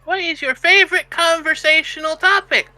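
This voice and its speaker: A tiny, wide-eyed creature pipes up in a very high, bright, loud voice. He blurts out innocent questions with no filter. The tone is sharp and piercing. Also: steady tone, moderate pace, heavily acted. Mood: curious.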